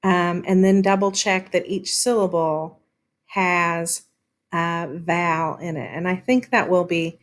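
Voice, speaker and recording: A woman's voice: fairly low pitch, flat delivery, slow pace. A woman teacher explaining a lesson carefully, repeating and demonstrating words.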